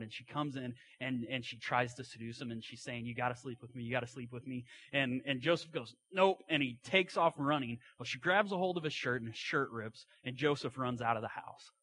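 A man's voice: medium pitch, a bit bright. A man preaching a sermon, retelling a story in a folksy way with asides and acted-out quotes.

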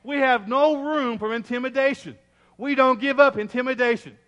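A pastor preaching a sermon, telling the story in an emphatic, dramatic way with lots of repetition. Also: male voice, very high-pitched, moderate pace, a bit bright, dull audio. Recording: echoey hall.

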